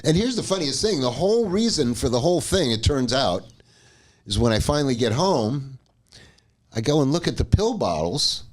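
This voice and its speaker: Animated man telling a story. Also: medium pitch, moderate pace. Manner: animated, profane, laughs mid-story. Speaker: podcast co-host. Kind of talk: casual storytelling chat.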